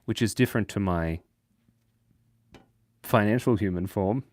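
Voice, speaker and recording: A man's voice: fairly low pitch, a little slow, darkish tone, a little hiss or hum. A young Australian man hosting a casual drawing livestream, chatty and jokey, reading the chat aloud and laughing often. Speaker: livestream host and cartoonist.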